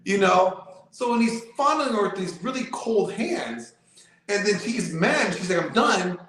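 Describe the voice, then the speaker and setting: A man's voice: high-pitched, lively intonation, measured pace, fairly bright tone. A man, a guest in a casual chat, tells a long anecdote full of ums and you-knows. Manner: rambling anecdotes with filler words. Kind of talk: casual storytelling. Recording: very echoey room.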